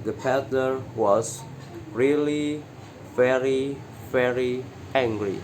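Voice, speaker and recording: A male student reading a children's story aloud, halting and careful, correcting his own slips. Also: mid-range voice, over music, poor audio. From Indonesia. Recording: steady air-conditioner hum.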